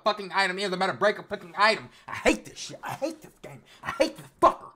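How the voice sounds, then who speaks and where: A man giving loud, profane, frustrated commentary while playing a video game. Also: sits high, sing-song, quick pace, background noise. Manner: loud outbursts and yelling. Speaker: gaming video creator. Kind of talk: gaming commentary.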